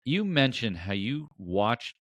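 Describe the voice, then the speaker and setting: A man's voice: medium pitch, sing-song, slow pace, a bit bright, dry recording. A man hosting a casual chat, asking a guest questions in a hesitant way and repeating words as he goes. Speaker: host.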